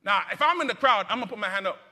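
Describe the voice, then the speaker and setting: A man's voice: high-pitched, animated, racing, sharp tone. A man preaching a sermon to a congregation, repeating phrases and restarting lines, and leading call-and-response. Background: congregation answering.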